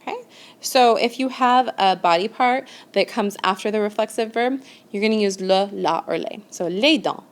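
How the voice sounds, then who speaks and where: A woman's voice: medium pitch, normal speed. A woman teaching French grammar in a recorded lesson. She explains step by step and often checks in with "okay?".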